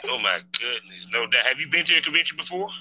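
Excitable man hosting a casual chat. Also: medium pitch, fast, slightly rough, dull audio. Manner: loose, excitable, repeats himself. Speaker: podcast host.

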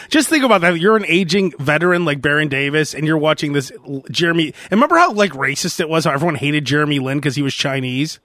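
A high-pitched man hosting a casual comedy podcast, animated and playful, slipping into impressions of other people as he jokes. His voice is close and dry on the studio mic, with no room sound around it. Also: fairly quick, no echo. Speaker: podcast host.

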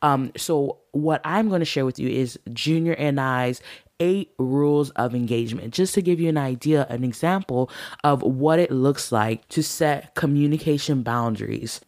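A woman's voice: very deep voice, normal speed, darkish tone, no echo, studio quality. A woman teaching a class on marriage, earnest and encouraging, speaking straight to her listeners.

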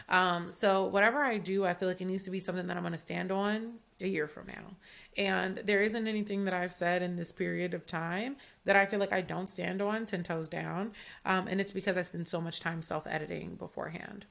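A woman's voice: lowish voice, fairly even intonation, fairly quick, gravelly, a bit bright. A young woman from Atlanta hosting a podcast, talking casually and candidly with lots of "like" fillers. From Atlanta, USA. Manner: chatty, candid, heavy use of "like". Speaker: podcast host.

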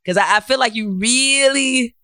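A woman's voice: a little high, moderate pace, bright, forceful tone, smooth, no room sound, clean studio sound. A woman hosting a podcast, chatting with a guest and delivering blunt, emphatic opinions with frequent laughs. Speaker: podcast host. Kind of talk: casual interview chat and opinion monologue.

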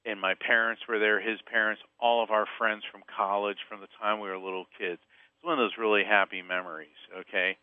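A man from Central Florida, a guest author, telling a personal story in an animated way, acting out the voices of people in it. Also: lowish voice, fairly quick, smooth, dry recording, phone-quality sound. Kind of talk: storytelling interview.

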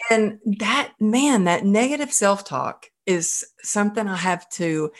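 A woman podcast host in a casual conversation, telling stories about herself in an animated, self-deprecating way. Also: mid-range voice, unhurried.

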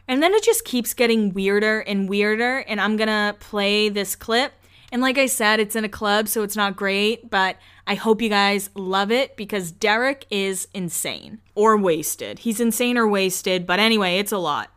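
A woman's voice: medium pitch, fairly bright tone, clean tone. A young woman hosting a podcast, recapping a reality show in a chatty, casual way and briefly mimicking the people she talks about. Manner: chatty, heavy use of "like", quick mimicry of the people she discusses. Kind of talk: casual chat.

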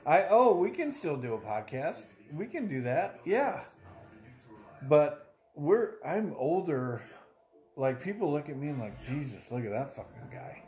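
A man's voice: on the high side, big pitch swings, measured pace, a little mellow. A man in his forties hosting a podcast, chatting casually with friends as a rambling, profane storyteller who laughs often. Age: 40s. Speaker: podcast host. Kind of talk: casual banter among friends.

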